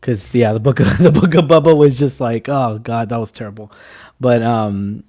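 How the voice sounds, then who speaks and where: A man co-hosting a movie talk show, excitable and jokey in casual chat. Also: mid-range voice, moderate pace. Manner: excitable, jokey, restarts a lot. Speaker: podcast co-host.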